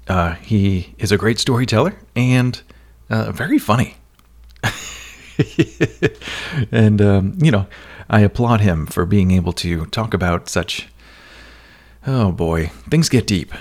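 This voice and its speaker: A male podcast host chatting casually with a guest, laughing easily and rambling loosely. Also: lowish voice. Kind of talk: casual interview chat.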